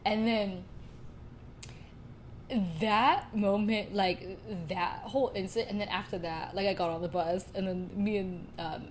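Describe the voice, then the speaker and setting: A young woman, hosting a podcast and telling a story in a casual, rambling, animated way. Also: mid-range voice, unhurried, slight background noise. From United States. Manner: rambling, animated, filler-heavy. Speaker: podcast host.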